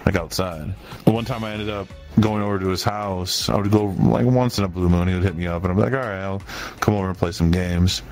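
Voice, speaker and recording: A young man, stoned and loose, tells crude stories in a rambling, profane way. His voice sits on the low side. Faint music plays underneath. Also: fairly even intonation, quick pace, darkish tone. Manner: profane, rambling, laughing storyteller. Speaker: podcast host. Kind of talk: casual chat, storytelling.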